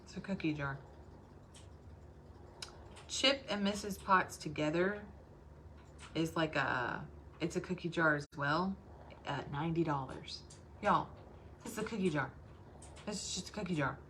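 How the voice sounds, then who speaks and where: A woman's voice: deep voice, unhurried, long pauses, pushed and bright, a little hiss or hum. A woman with a Southern US accent, chatting casually to her sales team and calling them y'all. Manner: chatty, addresses listeners as y'all.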